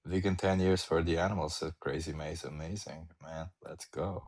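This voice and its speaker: A man's voice: rumbling low, fairly even intonation, moderate pace, a little mellow. A man co-hosting a live stream, chatting casually and reading out comments from the chat.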